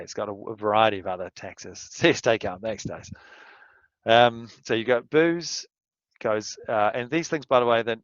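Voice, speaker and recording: A man's voice: lowish voice, dry recording. Guy lecturing on tax, rambly and frank, gets fired up, dry muffled lo-fi audio. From outside Australia. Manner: rambling, candid, gets worked up and ranting. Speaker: university lecturer. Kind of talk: recorded university lecture.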